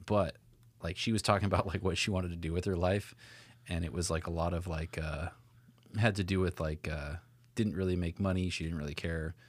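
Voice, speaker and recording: A man's voice: deep voice, fairly even intonation, brisk, no echo. A laid-back young man chatting as a podcast co-host, who laughs often and trails off mid-thought. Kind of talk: casual chat.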